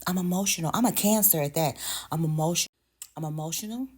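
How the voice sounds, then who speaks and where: Woman with low voice, emphatic rant. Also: fast, a little mellow. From United States. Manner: conversational, emphatic, addresses viewers as baby and sis. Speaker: vlogger. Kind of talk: direct-to-camera rant. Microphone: phone.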